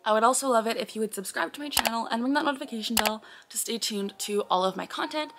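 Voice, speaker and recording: A woman's voice: on the high side, quick pace, background noise. A woman talking casually to camera as a vlogger, earnestly explaining, often breaking off with sudden blurted words and sighs.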